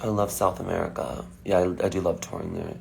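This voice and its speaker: A man's voice: low-pitched, flat delivery, brisk, creaky, darkish tone, a little hiss or hum. A man chatting casually on a phone livestream, answering fan questions with lots of fillers. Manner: chatty, filler-heavy, frequent "like".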